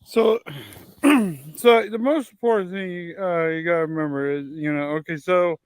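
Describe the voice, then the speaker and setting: A man heard in a replayed clip of his own earlier stream, talking in halting, rambling bits. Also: sits high, clear, resonant tone, no echo, voice pushed up.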